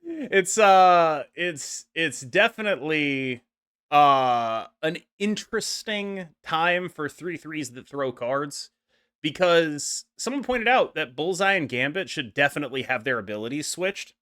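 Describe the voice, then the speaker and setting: A man hosting a casual gaming podcast, animated and jokey, laughing often. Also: a little high, a little slow, smooth. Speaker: podcast host.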